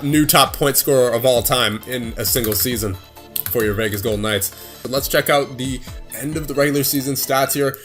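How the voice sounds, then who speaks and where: An excitable young man talking over his hockey video game, calling each play and cheering or groaning at what happens on screen. His voice sits at an ordinary middle pitch, and there is faint music underneath him. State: out of breath at times. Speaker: gaming video creator. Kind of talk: casual gameplay commentary.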